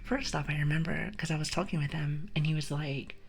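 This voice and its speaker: A young woman streaming ASMR, chatting and giggling with her viewers in a soft, often whispered voice on a close mic. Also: low-pitched, steady tone, a little fast. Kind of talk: whispered ASMR livestream chat.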